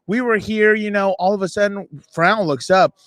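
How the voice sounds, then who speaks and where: High-pitched guy rambling through a fanboy story, dry close mic, lots of hype and self-roasting. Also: moderate pace, dry recording. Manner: animated, self-mocking, voices others in quotes. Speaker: podcast co-host. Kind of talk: excited storytelling. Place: radio row event booth.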